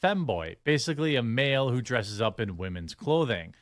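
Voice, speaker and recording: A male online commentator speaking in a dismissive way, reading posts aloud between his remarks. His voice is mid-pitched and the sound is dry and close, with no room around it. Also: very animated, moderate pace, no echo. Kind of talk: video commentary.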